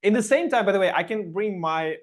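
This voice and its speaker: Excitable man hosting. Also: high voice, brisk, crowd noise. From Ukraine. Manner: excitable, swears freely, repeats himself. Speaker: podcast host. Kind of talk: casual chat.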